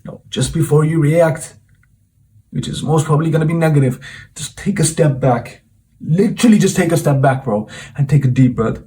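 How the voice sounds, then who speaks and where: A man's voice: fairly high pitch, normal speed, dark tone. Casual young man addressing viewers. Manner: informal, peppers talk with "bro", reflective and earnest. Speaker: self-improvement vlogger and coach. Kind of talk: casual storytelling monologue to camera.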